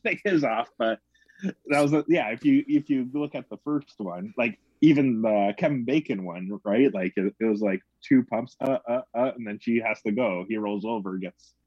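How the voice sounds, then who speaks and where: Low-pitched man, casual movie-podcast chat, rambly with restarts, dull dry recording. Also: normal speed, husky, dry recording. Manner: rambling, filler-heavy, frequent restarts. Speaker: podcast co-host. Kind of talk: casual film discussion.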